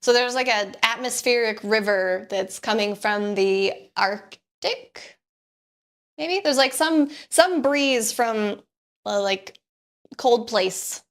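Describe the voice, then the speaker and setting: Chatty california woman on a stream, kinda high voice, laughs a lot. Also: takes it slowly, fairly bright tone. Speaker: co-host. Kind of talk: casual chat on a live stream.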